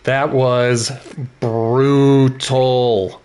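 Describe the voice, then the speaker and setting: A man with a mid-pitched voice talks at an easy, slow pace while playing a game. He thinks through each tactical choice aloud and cheers on his party members between turns. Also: flat delivery, a little mellow, clear, resonant tone. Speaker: gaming video host. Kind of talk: let's-play commentary.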